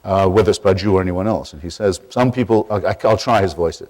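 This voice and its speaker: A man giving a public lecture in a wry, digressive, measured way. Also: deep voice, a little mellow.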